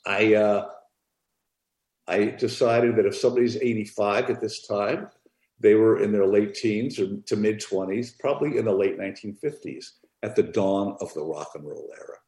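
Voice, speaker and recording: A man, an author and music therapist, telling an animated story on a podcast and acting out the dialogue. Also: fairly low pitch, normal speed, reverberant.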